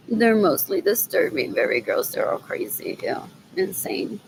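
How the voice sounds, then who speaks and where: A woman's voice: mid-range voice, sing-song, unhurried, creaky, slight background noise, poor audio. A woman vlogging in a rambling monologue, repeating herself, drifting between thoughts and muttering asides with Spanish words mixed in.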